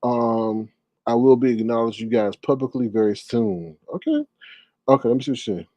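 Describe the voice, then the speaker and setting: A man hosting a casual live stream, reading viewer comments aloud and reacting with sassy, animated remarks. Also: medium pitch, a little fast, no echo.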